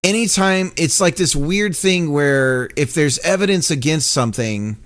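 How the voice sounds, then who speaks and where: Man, game dev streamer, rambling casual chat, animated pitch. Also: measured pace. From United States. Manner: rambling and chatty, laughs often, swears freely. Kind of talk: casual live-stream chat while coding.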